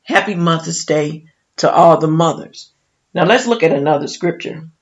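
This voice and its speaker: A woman's voice: deep voice, normal speed, dull audio. A middle-aged woman from Chicago giving a heartfelt, emotional Mother's Day tribute on the radio, with folksy asides and scripture. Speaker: radio guest speaker.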